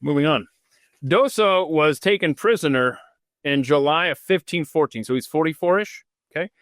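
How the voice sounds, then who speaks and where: A podcast host delivers a casual solo monologue from his home studio, his voice on the high side at a normal speed. He rambles and jokes, reading aloud and then stopping to riff. The studio sound is clean, with no room sound.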